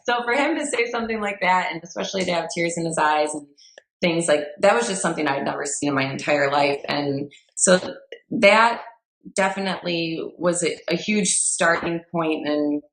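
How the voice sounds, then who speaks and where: A woman's voice: fairly low pitch, normal speed, a bit bright. A woman with a Midwestern American accent, a fitness trainer telling a personal story as a guest in a chatty way with many fillers. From Wisconsin, USA. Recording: roomy echo.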